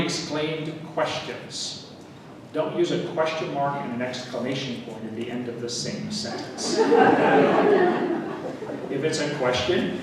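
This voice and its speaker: Guy teaching a writing workshop, recorded from way back in a big echoey room. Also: mid-range voice. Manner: relaxed teaching with fillers, wry asides. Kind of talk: lecture at a writers' meeting. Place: meeting hall. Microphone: room recording from a distance. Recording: echoey hall recorded from far off with noise.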